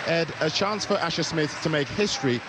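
A man's voice: on the high side, lively intonation, brisk, crowd noise. Male reporter live outside with street noise. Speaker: athletics reporter. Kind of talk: live outdoor news report. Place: outside a stadium. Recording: outdoor noise behind the voice.

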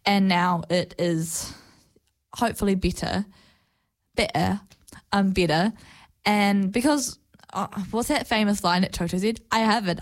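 A woman hosting a casual show in a mid-pitched voice. She rambles excitedly, restarting words and leaning on fillers as she goes. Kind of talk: casual chat.

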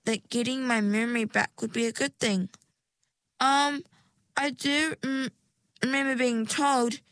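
A woman's voice: high-pitched, fairly even intonation, a little slow, a bit bright, no echo, studio quality, pitched above the performer's own voice. A woman voicing a young female who has lost her memory, talking hesitantly and wonderingly.

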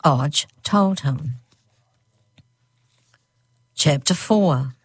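A woman narrating a children's storybook in a measured reading manner. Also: low-pitched, animated, breathy edge, dry recording. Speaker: audiobook narrator.

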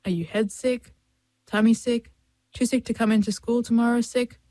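A woman's voice: fairly high pitch, fairly even intonation, normal speed, warm tone, no room sound, lightly acted. A woman narrator voicing a nosy, blunt schoolgirl who asks prying questions in a slightly raised voice.

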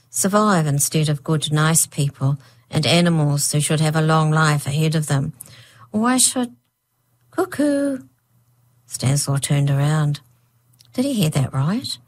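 A woman narrating a children's storybook aloud. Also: low-pitched. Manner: reads with voiced characters. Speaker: audiobook narrator.

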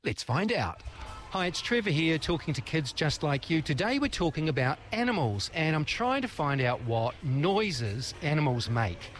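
A man's voice: on the high side, very animated, moderate pace, faint music behind. A man presenting a children's radio segment, encouraging young kids as he interviews them. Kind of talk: cheerful kids' vox-pop interview.

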